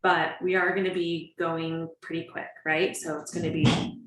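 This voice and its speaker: A woman explains a breathing practice to students on a video call, talking in a casual, reassuring way with fillers and small laughs. Her voice sits a little low, and the room around her echoes noticeably. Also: level tone, moderate pace, a bit bright. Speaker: breathwork teacher. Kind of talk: casual instructional talk.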